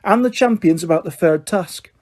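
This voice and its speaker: A man's voice: high voice, normal speed, darkish tone. A man doing a stern, older woman professor. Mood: commanding. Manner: crisp, commanding. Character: stern older female professor, crisp and formal.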